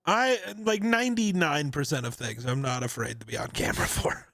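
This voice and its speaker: A man's voice: fairly high pitch, very animated, fairly quick, gravelly, pushed and bright, dry recording, clean studio sound. A young man co-hosting a casual podcast chat about a movie, joking and teasing and often breaking into laughter. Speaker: podcast co-host.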